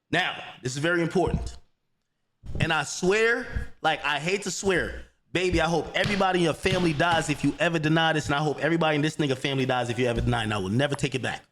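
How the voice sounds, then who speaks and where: A man hosting a livestream, telling a heated story in an animated, profane, repetitive way. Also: a little high, quick pace. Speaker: livestream host.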